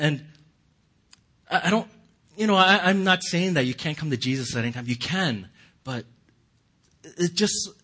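A man's voice: on the high side, pushed and bright, breathy edge. A man giving a casual, conversational sermon, often chuckling and restarting his sentences. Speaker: pastor.

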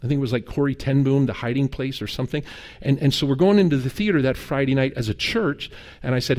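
A middle-aged pastor preaches a sermon in a fast, mid-range, darkish voice, telling conversational stories full of humor and acted-out, quoted dialogue.

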